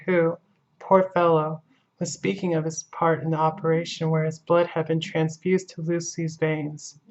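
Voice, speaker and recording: A woman narrates an old novel in a steady, measured reading. Her voice is low and notably flat in pitch. The sound is muffled and lo-fi. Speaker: audiobook reader. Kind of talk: scripted audiobook narration. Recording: dull lo-fi recording.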